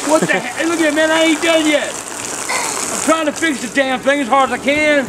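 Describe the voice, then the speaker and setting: Brief: older man, high-pitched, nonstop profane rage, noisy home-video sound. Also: normal speed. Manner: cursing nonstop, yelling in fits of rage. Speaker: family member being filmed.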